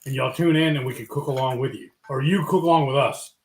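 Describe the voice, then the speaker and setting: A man's voice: medium pitch, fairly even intonation, fast talker, a little hiss or hum. A man co-hosting a live cooking stream, explaining things in a rambling way with lots of fillers. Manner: rambling, searching for words with fillers. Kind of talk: casual live-stream chat. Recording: echoey room.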